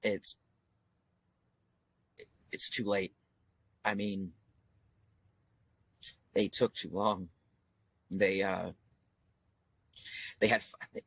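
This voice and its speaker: A man's voice: lowish voice, fairly bright tone, no echo. A man interviewed as a local resident, speaking bluntly and indignantly, restarting his sentences. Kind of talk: interview comments.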